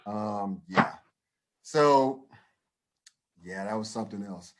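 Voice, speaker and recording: An American man co-hosts a casual podcast, sharing opinions bluntly and emphatically, swearing freely and restarting his sentences. His voice is lowish and fairly bright, he takes things slowly, and there's a little hiss or hum on the audio.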